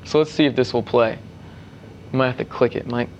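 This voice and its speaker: A man's voice: medium pitch, steady tone, brisk, a little hiss or hum. A young man giving a casual sermon to a youth group, chatty, with restarts and asides. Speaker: youth speaker.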